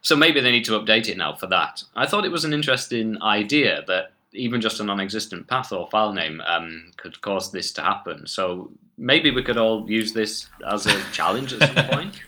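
A man with a very bright, forward voice, chatting as a podcast co-host. He cracks dry jokes and chuckles between points. His pitch sits somewhat low. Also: lively intonation, normal speed, few pauses. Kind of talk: casual chat.

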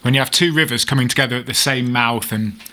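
A man's voice: medium pitch, fast talker, sharp tone. A man co-hosting a podcast, rambling a little and laughing as he talks. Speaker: podcast co-host. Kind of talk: casual chat.

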